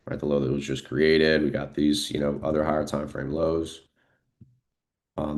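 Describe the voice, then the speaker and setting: On a live trading stream, a man with a bass voice chats through the market without a script. He muses easily and drops filler words all the time.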